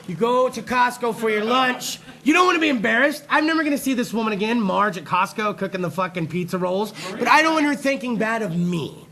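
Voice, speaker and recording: A man hosting a live internet talk show, telling a profane, rambling, excitable comedic rant. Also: high voice, fairly quick, hardly any pauses, crowd noise.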